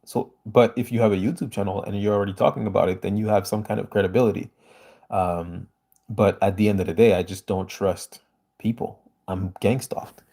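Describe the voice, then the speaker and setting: A man's voice: fairly low pitch, fairly even intonation, brisk, gravelly, warm tone. A man hosting a casual livestream, reading viewer comments aloud and answering them in an earnest, emphatic way.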